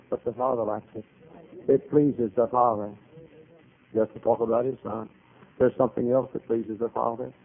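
A man preaching a sermon as pastor, animated, dropping to quiet asides and rising to shouted retellings. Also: mid-range voice, moderate pace. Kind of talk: revival-style sermon. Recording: tinny phone-like old sermon recording.

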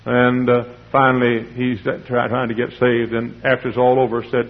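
An older man preaching a sermon in a folksy storytelling way that builds to sudden shouted climaxes. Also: mid-range voice, level tone, fast, hardly any pauses, a little hiss or hum. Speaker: pastor. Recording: dull lo-fi radio broadcast.

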